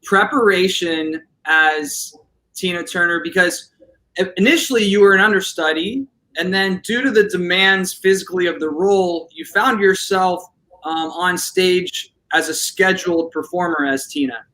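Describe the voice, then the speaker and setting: A man's voice: high voice, normal speed, pushed and bright, low-quality recording. A man interviewing a guest in a playful, casual way, asking rambling questions with slang.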